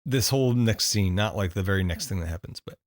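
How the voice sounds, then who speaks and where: A man's voice: low-pitched, fast, no echo. A man co-hosting a podcast, reviewing a film in casual chat, laughing often and restarting his thoughts. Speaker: podcast co-host.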